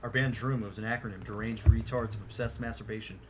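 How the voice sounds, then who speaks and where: A man's voice: lowish voice, fairly even intonation, quick pace, darkish tone, a little hiss or hum. Rambling, profane male podcast host. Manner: rambling, profane, heavy on fillers. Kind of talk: casual podcast chat.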